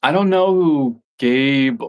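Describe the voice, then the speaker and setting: A man's voice: medium pitch, takes it slowly, smooth, poor audio. A young man hosting a casual livestream, rambling with lots of fillers and frequent laughs as he chats to viewers. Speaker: livestream host.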